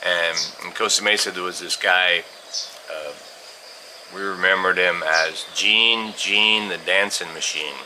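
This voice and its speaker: A man's voice: deep voice, fairly even intonation, measured pace, bright, forceful tone. A middle-aged man from California telling a rambling story in a casual way, with many fillers and restarts and the odd chuckle. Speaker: vlogger telling stories. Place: outdoors on a farm. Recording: outdoor insect and bird noise. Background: birds and crickets.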